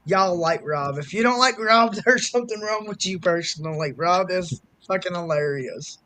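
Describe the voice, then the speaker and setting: A man with a high, bright-edged voice tells a rambling story on a live stream, swinging into loud quoted voices and cursing as he goes. The sound is dry and close, with no room in it. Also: moderate pace, dry recording. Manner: animated storytelling, swears freely. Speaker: guest storyteller. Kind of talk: casual chat on a live stream.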